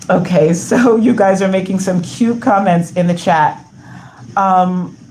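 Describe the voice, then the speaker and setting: Hosting a laid-back livestream, a woman from the United States reads her chat in a mid-range, darkish voice. She gushes and rambles, filling gaps with plenty of ums.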